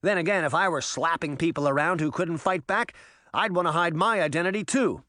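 A man's voice: a little high, brisk, bright, forceful tone, no room sound, clean studio sound, voice pushed up. A man voicing a cocky, wisecracking uncle who mocks his opponent. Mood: taunting. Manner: wisecracking, taunting. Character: cocky, mocking adult uncle.

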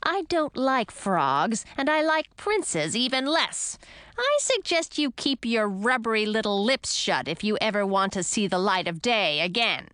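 Lady doing a nasty old witch, slow and snarly, swings all over, dry sound. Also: on the high side, very animated, a bit bright, clear, resonant tone, no echo. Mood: menacing. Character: cranky spiteful old female witch. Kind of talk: audiobook character voice.

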